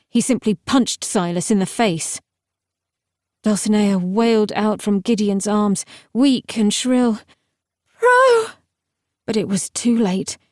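A woman reading an audiobook as narrator, telling the story in a steady, measured way. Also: mid-range voice, no echo, clean studio sound. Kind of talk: scripted narration.

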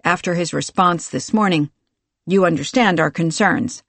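A man's voice: high-pitched, normal speed, a bit bright, dry recording. A narrator voicing a wry male arbiter who speaks with dry irony in an audiobook. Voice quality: dry, ironic.

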